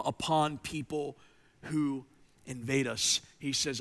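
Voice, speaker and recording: A man preaching a sermon, animated, climbing to emphatic peaks and then dropping low. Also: a little fast. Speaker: pastor. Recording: reverberant hall.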